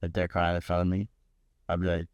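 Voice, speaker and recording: A man's voice: deep voice, completely flat delivery, a little fast, clean tone, dry recording. A man in his late teens co-hosting a casual podcast chat, joking and defensive. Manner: playful, defensive, jokey. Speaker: podcast co-host.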